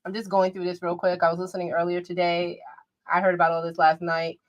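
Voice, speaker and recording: A woman hosting a livestream reaction show, her voice sitting a touch low. She rants with brash, profane, theatrical outrage while she talks to her chat. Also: completely flat delivery, fast. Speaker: livestream commentary host.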